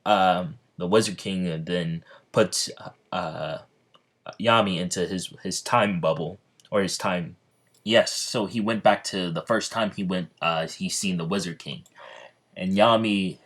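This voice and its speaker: A man's voice: sits low, measured pace. A man telling a fan-made story in a hesitant, rambling way, full of ums and restarts. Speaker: channel host.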